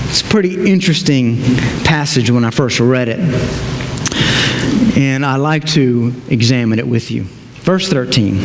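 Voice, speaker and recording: A man's voice: mid-range voice, lively intonation, a little hiss or hum. Emphatic male pastor in an echoey church. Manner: emphatic preaching, slows down to stress words. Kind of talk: sermon. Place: church sanctuary. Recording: echoey hall with faint ambience.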